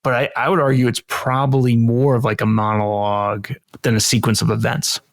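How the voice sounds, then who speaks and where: A man's voice: medium pitch, flat delivery, a little fast, no echo, studio quality. Easygoing man thinking aloud. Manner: thinking aloud, frequent "you know" and "like". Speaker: podcast co-host. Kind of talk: casual chat.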